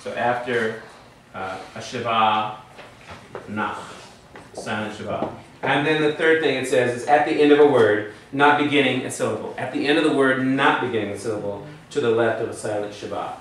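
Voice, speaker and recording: In a very echoey classroom, recorded far from the microphone with a little hiss or hum, a man takes his students through Hebrew grammar rules step by step and quizzes them. His mid-range voice is a bit bright, and he speaks at a normal pace.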